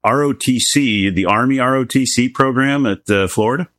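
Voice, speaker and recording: A man's voice: mid-range voice, normal speed, fairly bright tone, dry recording, studio quality. A man hosting an interview, asking brief questions to steer the story. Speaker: podcast interviewer.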